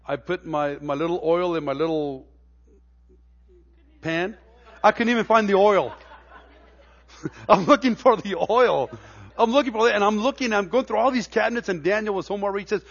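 A middle-aged pastor preaches in a church sanctuary, telling homey stories full of stammered restarts before building to emphatic preaching. His high-pitched voice has lively intonation at normal speed, and the recording is muffled.

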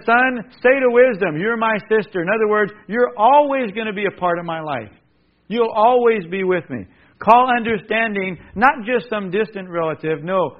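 A man preaching a sermon, earnestly addressing listeners as "son" and building up to lively emphatic passages. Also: sits high, narrow, tinny audio. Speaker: pastor.

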